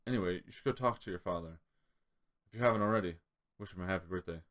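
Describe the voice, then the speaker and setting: A man's voice: deep voice, quick pace, fairly bright tone, pitched below the performer's own voice. A man voicing a cold, skeptical wealthy mother as he reads game dialogue aloud, in a cool, disapproving tone.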